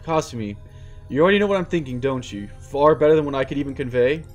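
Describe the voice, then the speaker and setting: A man reading aloud as a despairing young man, a former high school student trapped in a war, in a pleading, self-pitying way. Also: fast talker, faint music behind, lightly acted. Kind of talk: reading a visual novel aloud.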